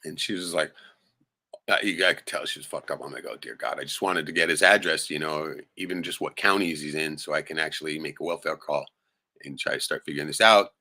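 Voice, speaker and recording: A man's voice: very deep voice, brisk, sharp tone. A man hosting a livestream, venting in a profane, rambling, heated way and tossing in "right?" constantly. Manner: peppers speech with "right?". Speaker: livestream host. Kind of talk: casual livestream rant.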